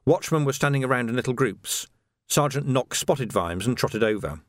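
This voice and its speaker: A man narrating an audiobook in a wry, lively manner, each character given its own voice. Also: medium pitch, normal speed, no echo, studio quality.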